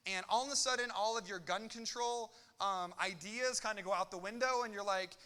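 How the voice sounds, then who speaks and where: A young adult man preaching a sermon, animated and joking, with quick asides and acted-out quotes. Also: sits high. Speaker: pastor.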